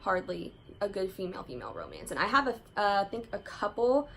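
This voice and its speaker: A woman's voice: mid-range voice, huge pitch swings, fairly quick, fairly bright tone, rough recording. A woman chatting eagerly as a book vlogger, full of "like" fillers. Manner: chatty and enthusiastic, many "like" fillers. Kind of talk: casual book haul chat.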